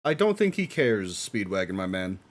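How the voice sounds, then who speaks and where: Excitable man reacting on stream. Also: low-pitched, moderate pace. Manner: excitable, laughs often, swears casually. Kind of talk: live watch-along reaction commentary.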